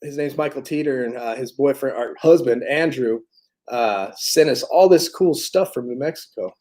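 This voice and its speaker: A man's voice: mid-range voice, normal speed, darkish tone. A man hosting a recovery livestream, chatting casually, joking and greeting viewers in the chat by name.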